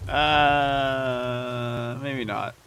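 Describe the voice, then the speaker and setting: Slow-talking laughing man. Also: medium pitch, steady tone, a bit bright, smooth. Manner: amused, laughing, easygoing. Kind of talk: casual reaction chat.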